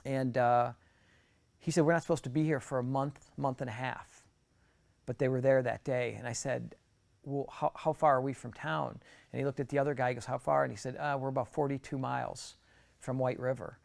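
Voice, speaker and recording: A middle-aged man with a gravelly, crackly edge to his voice tells a personal testimony to a gathering. His delivery is earnest and conversational, with frequent restarts, at a middle pitch. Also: fairly even intonation, a little fast, darkish tone. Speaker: guest speaker.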